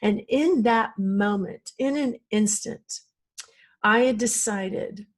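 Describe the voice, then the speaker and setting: A woman's voice: mid-range voice, slow. A middle-aged woman, a podcast guest, telling a personal story in an earnest, emotional way.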